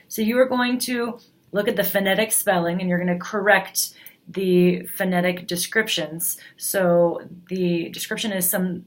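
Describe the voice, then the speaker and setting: A woman teacher explaining the week's class assignments in a plain, explanatory way with frequent fillers. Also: fairly low pitch. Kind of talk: recorded class announcement.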